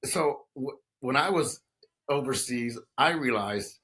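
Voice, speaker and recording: A man's voice: medium pitch, expressive, slow, bright, forceful tone. A man in his fifties from Texas, a guest telling his story in a conversational interview, talking in long runs with many restarts and "you know" fillers. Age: 50s.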